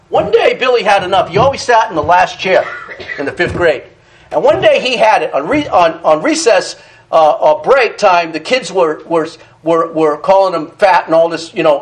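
A middle-aged man preaching a sermon, animated and dramatic, reading scripture and telling stories. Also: sits high, moderate pace, poor audio. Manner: animated, dramatic, reads scripture in King James wording.

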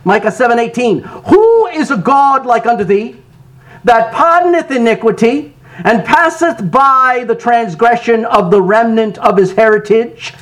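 Man, preacher, high voice, very lively swings, loud bursts and soft asides. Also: measured pace, poor audio. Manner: animated preaching, sudden loud rises and soft drops. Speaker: pastor. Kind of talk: sermon.

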